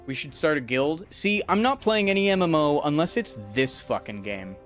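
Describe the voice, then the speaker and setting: A man's voice: fairly high pitch, expressive, normal speed, fairly bright tone, soft background music. A young adult man casually rambling and swearing as he streams a game and talks to his chat. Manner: profane, rambling, talks to chat while playing. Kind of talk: casual gameplay commentary.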